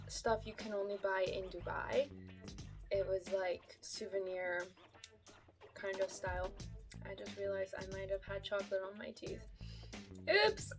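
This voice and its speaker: Chatty Canadian woman vlogging. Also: on the high side. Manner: chatty, laughs often, swears casually. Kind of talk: casual storytelling vlog.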